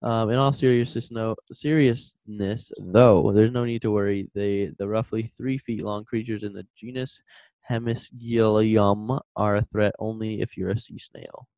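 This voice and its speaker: A young man with a lowish voice reads a news story aloud on a joking podcast. He trips over words and backs up to fix them, and his voice sounds dry and close to the mic. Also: little pitch movement, vocal fry, warm tone, no echo, low-quality recording. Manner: reads articles haltingly, stumbles and corrects himself. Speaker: podcast co-host. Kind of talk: casual comedic chat, reading news aloud.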